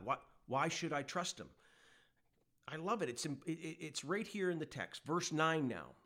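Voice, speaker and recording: A male pastor delivering a conversational sermon that builds to emphatic, animated bursts when he voices God. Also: medium pitch. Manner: conversational preaching, rising to emphatic peaks when quoting God.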